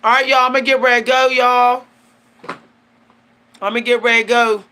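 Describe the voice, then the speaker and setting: A woman's voice: on the high side, little pitch movement, moderate pace, bright, forceful tone, a little hiss or hum. A woman hosting her channel, talking casually and emphatically about spiritual matters, slangy and laughing often. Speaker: channel host. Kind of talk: casual spiritual talk to camera.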